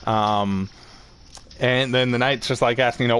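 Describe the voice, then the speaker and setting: A man's voice: mid-range voice, level tone, measured pace, a bit bright, clean tone. A young man casually commenting on his gameplay, laid-back, joking and rambling. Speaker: gaming YouTuber.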